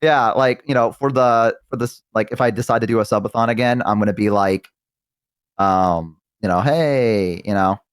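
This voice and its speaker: A man's voice: lowish voice, moderate pace, clear, resonant tone, no room sound. A man chatting casually on a live stream, rambling and talkative with many restarts, close to a desk microphone.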